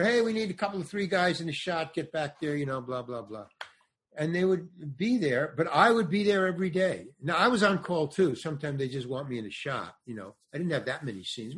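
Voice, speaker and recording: A man's voice: fairly high pitch, slightly rough. An older man, a stand-up comedian and actor, telling a long anecdote as a podcast guest, acting out quoted dialogue and often restarting his sentences. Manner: rambling storyteller, acts out quoted dialogue, frequent restarts. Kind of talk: anecdotal interview storytelling.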